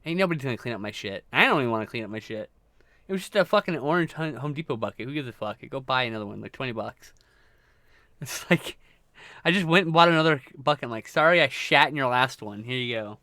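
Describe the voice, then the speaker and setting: A man's voice: mid-range voice, lively intonation, fast, sharp tone, dry recording. A man hosting a livestream, telling a rambling, profane anecdote in casual chat, full of restarts and swearing. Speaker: livestream host.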